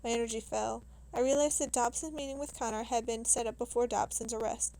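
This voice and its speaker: A woman reading a novel aloud in a steady, measured way, with small restarts now and then. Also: fairly high pitch, rough recording. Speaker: reader.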